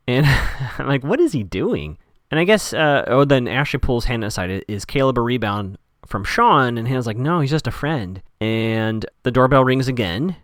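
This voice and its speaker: A man's voice: mid-range voice, no echo, clean studio sound. Chatty man recapping a show. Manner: chatty, quotes characters in playful voices. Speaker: podcast host recapping a TV episode. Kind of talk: casual recap chat.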